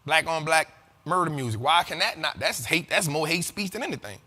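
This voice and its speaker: A man hosting an investing show, talking in animated, profane casual commentary and often asking if listeners follow him. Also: fairly high pitch, brisk, long reverb tail. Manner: animated and profane, keeps asking "you feel me?". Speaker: host of a money and investing show.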